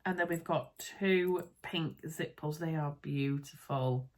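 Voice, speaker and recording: A woman with a Yorkshire accent, chatting casually to camera in her home sewing room while unboxing supplies, bubbly and easily excited. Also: low-pitched, takes it slowly, slight background noise. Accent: Yorkshire English. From Yorkshire, England. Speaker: sewing vlogger.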